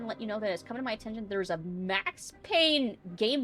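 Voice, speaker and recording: A woman's voice: on the high side, lively intonation, brisk, fairly bright tone. A playful woman chatting casually while streaming a game. She laughs easily, with faint music playing behind her voice. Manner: playful, giggly.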